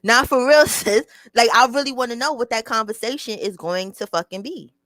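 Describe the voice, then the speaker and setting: A woman holding court on a casual livestream, blunt and unfiltered, swearing freely as she speaks straight to her viewers. Her voice sits at an ordinary middle pitch and is caught up close on a small mic with a dry, roomless sound. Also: a bit bright, no echo. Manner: blunt and profane, talks straight to her chat. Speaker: channel host. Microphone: small mic near her mouth.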